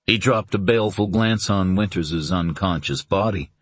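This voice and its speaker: Male narrator, lowish voice, dry close sound, dramatic audiobook reading. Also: normal speed, no echo. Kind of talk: scripted narration.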